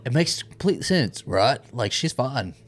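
A man co-hosting a casual film commentary podcast, sarcastic, jokey and quick to swear. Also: medium pitch, sing-song. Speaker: podcast co-host.

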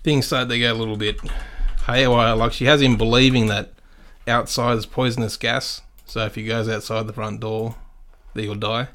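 A man's voice: medium pitch, little pitch movement, normal speed, fairly bright tone. A middle-aged Australian man, a podcast guest, chatting in a laid-back way and swearing casually.

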